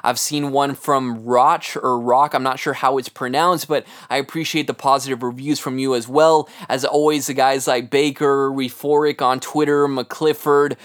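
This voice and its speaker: A man's voice: medium pitch, flat delivery, normal speed, hardly any pauses. A man hosting a solo sports podcast, giving an earnest, analytical game preview and talking to his listeners as guys. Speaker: podcast host.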